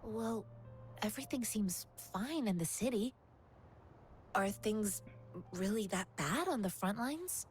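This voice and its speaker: A woman's voice: medium pitch, animated, slow pace, soft background music. A woman voicing a spirited young female martial artist in a game, earnest and pleading. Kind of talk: game voice acting.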